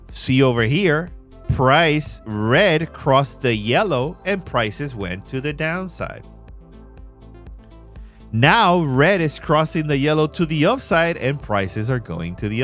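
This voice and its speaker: A man hosting a live trading stream, walking through charts and shouting out viewers in a casual, slangy, emphatic way. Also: expressive, slow pace, faint music behind. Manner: emphatic, hype-driven pitch to viewers. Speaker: livestream trading host. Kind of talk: live chart walkthrough and chat shout-outs.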